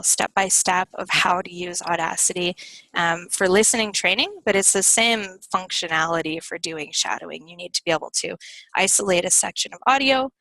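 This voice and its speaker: Woman teaching pronunciation, gravelly voice. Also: mid-range voice, dry recording, poor audio. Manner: relaxed, explanatory, with fillers. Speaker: English teacher. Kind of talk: live online pronunciation lesson.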